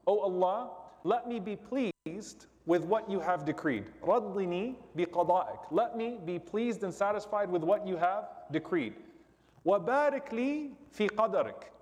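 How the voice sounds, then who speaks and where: A man giving a sermon, slowly explaining and repeating a supplication line by line. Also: high-pitched, lively intonation, a little mellow, in a large hall.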